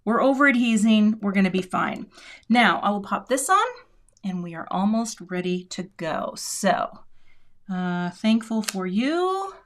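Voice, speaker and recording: A middle-aged woman hosts a live crafting stream, chatting casually with viewers and thinking aloud as she works through the demo. Her mid-range voice is expressive and a little slow.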